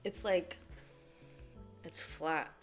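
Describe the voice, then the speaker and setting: A woman hosting a video explains things to her viewers in a casual chat, rambling with fillers and laughing often. Her voice is a little low and very slow, with faint music playing behind her.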